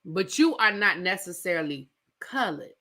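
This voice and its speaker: A woman's voice: lowish voice, moderate pace. A woman reviewing a reality show in a casual, slangy recap, acting out what the cast said. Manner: animated storyteller acting out quotes, slangy asides.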